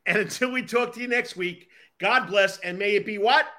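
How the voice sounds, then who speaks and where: A man chats as co-host of a baseball podcast, his voice pitched high with a bright, forward edge. He stumbles and restarts freely and pokes fun at his own blunders. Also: moderate pace. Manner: stumbling, self-deprecating, chatty. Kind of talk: casual podcast chat.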